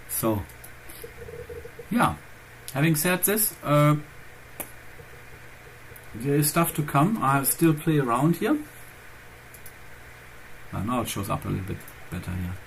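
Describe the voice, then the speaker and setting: A man hosting his own channel chats loosely and thinks aloud, wandering from one point to the next. His has a turn, and his voice sits at an ordinary pitch for a man. A faint noise hangs in the background. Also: very animated, slow pace, vocal fry, long pauses, poor audio. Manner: rambling, chatty, thinking aloud. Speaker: channel host. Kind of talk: casual chat.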